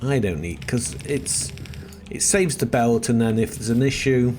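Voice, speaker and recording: This let's play host is a middle-aged man whose commentary is chatty and self-deprecating, with frequent muttering to himself as he plays. He sounds animated yet unhurried, with a mid-range, slightly mellow voice. Behind him is a noisy background full of seagulls.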